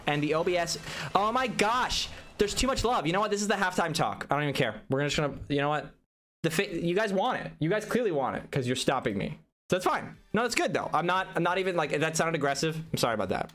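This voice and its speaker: Male streamer, chatty and jumpy in pitch, over faint game music. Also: quick pace. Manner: animated, rambling, self-deprecating. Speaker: live streamer. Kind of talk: casual live-stream chat while gaming.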